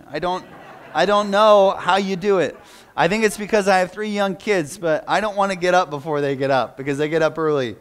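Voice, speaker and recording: A man's voice: fairly high pitch, a bit bright. A pastor in his thirties preaching a sermon in a conversational way, joking with the congregation.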